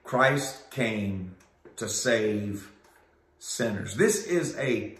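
Brief: male preacher, measured unhurried delivery, emphatic swells, reverberant space. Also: lowish voice, lively intonation, fairly bright tone. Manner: emphatic, drawn-out preaching with rising peaks. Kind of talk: weekly devotional sermon. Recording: roomy echo.

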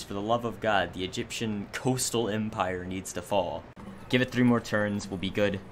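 Joking, low-voiced gameplay commentator man. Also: a little hiss or hum. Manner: joking, sarcastic, mock-dramatic. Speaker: let's play host.

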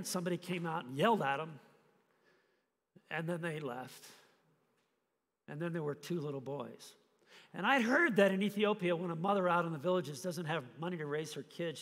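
A man preaching a sermon, telling a story with animated, acted-out scenes. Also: fairly high pitch, big-room sound. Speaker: pastor. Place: church hall.

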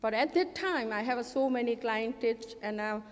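A woman's voice: a little high, animated, a little slow, long reverb tail. A middle-aged woman from India with an Indian English accent, earnestly telling her own life story at a community storytelling show, voicing the people she met. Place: community event stage.

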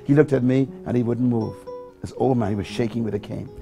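A man's voice: mid-range voice, brisk, vocal fry, warm tone, faint music behind. A man from the Bahamas with a Bahamian accent, telling a life story as a talk-show guest and building to preacherly exhortation. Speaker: guest speaker.

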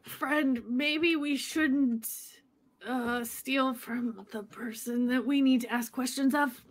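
A woman playing a tabletop role-playing game with dry humor. She speaks slowly, her voice sitting a little high. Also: fairly even intonation. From American Midwest. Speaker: player.

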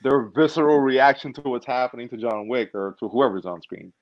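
A man's voice: mid-range voice, fairly quick, dry recording, dull audio. A man guest in a casual interview, telling stories and acting out what people say. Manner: animated storyteller, acts out quotes. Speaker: stunt performer guest.

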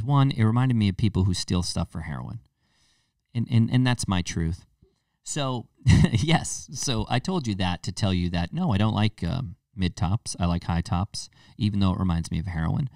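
With a fairly low voice picked up by a distant mic, a young man from New England runs a laid-back comedy podcast. Audio is studio quality with no echo, and his rants wander, curse, and crack jokes, punctuated by sudden loud outbursts.

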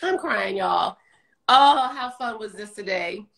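Bright-voiced woman hosting a livestream. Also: mid-range voice, lively intonation, slow, vocal fry. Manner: laughing, emotional, gushing. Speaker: livestream host, former dancer. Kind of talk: casual livestream chat.

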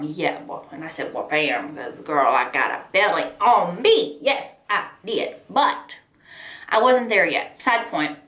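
A woman's voice: medium pitch, a bit bright, reverberant. A young woman talking candidly to camera, chatty and full of "like" and "y'all". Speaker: lifestyle vlogger. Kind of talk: casual heart-to-heart talk to camera.

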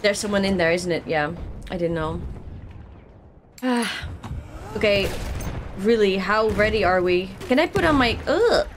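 A woman streamer giving excitable, chatty commentary while playing a shooter game, often exclaiming and laughing at herself. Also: mid-range voice, unhurried, long pauses, noisy background. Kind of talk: casual gameplay commentary. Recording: game gunfire loud behind the voice.

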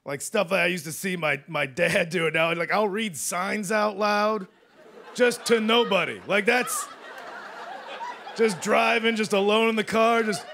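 A man in his late thirties doing a rambling, self-deprecating stand-up set on a studio stage, swinging between loud bursts and mumbled asides. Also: high voice, steady tone, unhurried, creaky, noisy background. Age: 30s. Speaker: stand-up comedian. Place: television studio stage with live audience.

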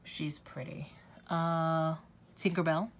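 Woman, beauty vlogger, chatty, effusive, low voice, faint hiss. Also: little pitch movement, slow pace. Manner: chatty, effusive, swears when upset. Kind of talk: casual chat to camera.

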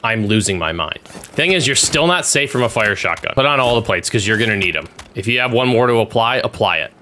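A young man giving excitable, sarcastic commentary while spectating a shooter game, teasing the players he watches. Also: fairly low pitch, fairly quick, slight background noise. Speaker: gaming YouTuber commentating.

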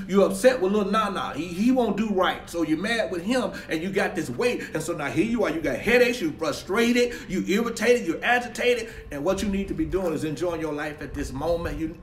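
A man preaching emphatically, repeating and restarting his words as he drives his points home, then praying for his online viewers. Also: a little high. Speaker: pastor. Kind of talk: livestreamed sermon and prayer. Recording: echoey room with faint ambient noise.

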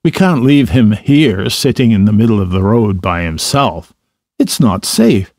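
A man's voice: lowish voice, lively intonation, measured pace, darkish tone, no room sound, clean studio sound. A man voicing a timid, inexperienced young male mole in a storybook reading, asking worried questions.

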